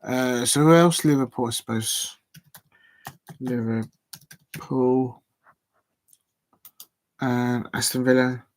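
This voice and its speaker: Speaking slowly and pausing often, a man with a medium-pitched voice and fairly even intonation hosts a football watch-along stream. He has a South London accent and rambles through casual chat, muttering as he types. There is no echo.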